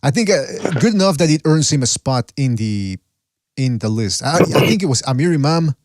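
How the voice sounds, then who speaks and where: A man's voice: mid-range voice, expressive, normal speed, darkish tone, dry recording. A man hosts a casual podcast and rambles along, stopping to search for names and restarting his sentences. His voice sits in the middle range for a man. It is recorded dry, with no room sound. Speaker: podcast host.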